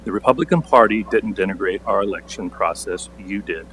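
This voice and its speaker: A man's voice: on the low side, a little fast, a little hiss or hum, low-quality recording. A man on a borough council reading a prepared statement at a public meeting, pointed and sarcastic, pushing hard on key words. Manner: pointed, sarcastic, building to forceful emphasis.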